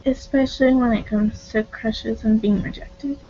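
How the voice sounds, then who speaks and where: A woman vlogger speaking in a halting, heartfelt confessional monologue, close to tears, with many hesitant pauses. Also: fairly high pitch, steady tone, dark tone, muffled recording. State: tearful, on the verge of crying.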